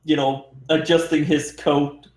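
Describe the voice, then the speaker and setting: Slow-talking laughing man player. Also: fairly high pitch, level tone, darkish tone, echoey room. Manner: swears often, laughs a lot. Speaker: player voicing an orc businessman. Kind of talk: tabletop role-play banter.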